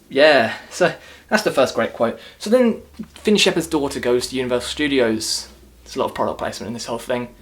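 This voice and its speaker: A man's voice: medium pitch, a little fast, few pauses. Sarcastic man ranting about a film. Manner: sarcastic, mocking, rambling with restarts. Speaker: movie reviewer. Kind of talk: casual ranting movie review.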